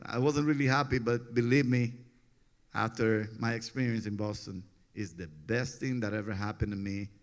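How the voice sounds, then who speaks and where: A man, telling stories in a relaxed interview, often laughing and getting animated when he quotes others. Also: on the low side, normal speed. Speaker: interview guest, former pitcher.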